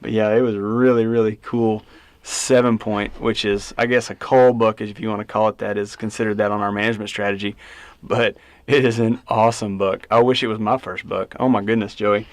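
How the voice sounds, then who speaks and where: A man hunting guide speaking in hushed, encouraging tones inside a hunting blind. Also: lowish voice, little pitch movement, brisk, no echo. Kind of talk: whispered coaching in a hunting blind. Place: box blind outdoors.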